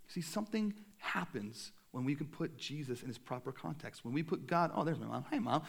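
A young man, a pastor, preaching a sermon in a casual, animated way with self-deprecating humor. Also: on the high side, normal speed, creaky.

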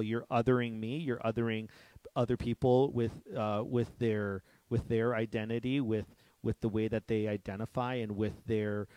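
A man's voice: mid-range voice, a little mellow, no echo. A young man giving a casual, conversational sermon to his church, candid and self-deprecating, with frequent restarts. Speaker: pastor.

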